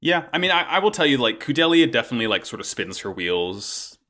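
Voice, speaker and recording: A man co-hosting a podcast, chatting casually and agreeably about anime, quick to laugh. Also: mid-range voice, big pitch swings, bright, forceful tone. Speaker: podcast co-host.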